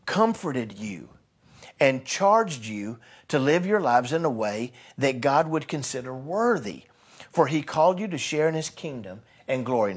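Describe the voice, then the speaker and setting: A man preaching a sermon as a pastor, earnest, rising to loud bursts and dropping soft again. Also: mid-range voice, breathy edge.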